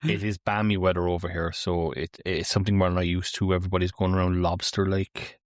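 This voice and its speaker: An Irish man with a very deep voice co-hosts a podcast, chatting in a laid-back, colloquial way full of jokes. The sound is close and dry. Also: flat delivery, a little fast, dry recording. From Ireland. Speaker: podcast co-host. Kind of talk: casual podcast chat.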